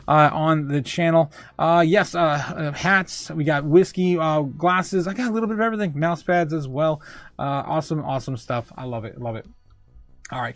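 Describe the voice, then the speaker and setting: Male livestream host, casual newsy chatter, raised pitch, dry booth-like sound, lots of "uh" and laughter. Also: dry recording. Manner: chatty, frequent fillers and laughing asides. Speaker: crypto show host. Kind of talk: casual livestream news and chat.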